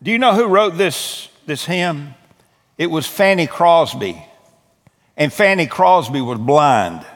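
A man's voice: fairly high pitch, sing-song, slow. A man preaching an earnest altar-call sermon as pastor, pleading and repeating words as he restarts phrases. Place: church sanctuary. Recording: long hall reverb from church room.

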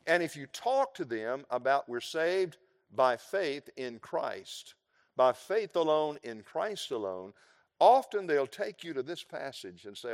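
A man preaching a sermon, explaining scripture verse by verse with emphatic, drawn-out phrases. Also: on the high side, sing-song, big-room sound.

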